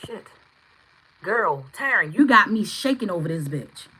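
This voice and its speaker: A woman doing a live tarot reading, chatting with viewers, excitable and swearing freely. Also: mid-range voice, a little slow, slight background noise, low-quality recording. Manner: excitable, swearing, bursts into shouts. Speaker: tarot reader.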